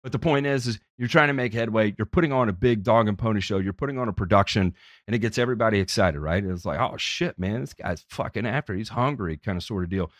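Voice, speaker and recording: A man hosting a podcast, telling stories in a casual, profane and animated way. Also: lowish voice, fast, no room sound, clean studio sound.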